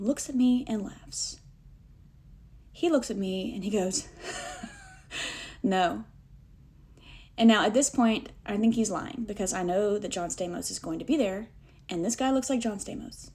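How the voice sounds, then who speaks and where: A woman vlogger telling a personal story to the camera in a casual, animated, self-deprecating way, acting out the dialogue as she goes. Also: mid-range voice, a little fast, breathy edge.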